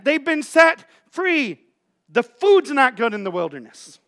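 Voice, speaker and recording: Middle-aged male pastor, high bright voice, chatty sermon style with lots of restarts. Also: animated, normal speed. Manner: casual and joking, many restarts.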